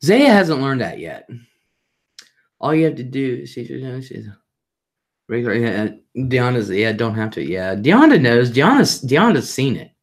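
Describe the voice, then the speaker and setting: Speaking unhurriedly in a very deep, sing-song voice, a middle-aged woman runs a casual live stream. She reads viewer comments, tells family stories chattily, repeats herself for emphasis, and mimics voices when reliving family moments.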